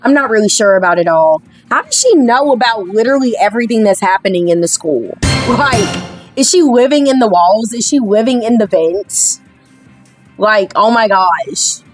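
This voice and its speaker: A woman's voice: mid-range voice, animated, moderate pace, faint music behind. A young woman streaming a dating game, reading its dialogue aloud and reacting with sarcastic, exasperated commentary and the occasional curse. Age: young adult. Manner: sarcastic, exasperated, swears freely. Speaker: gaming streamer.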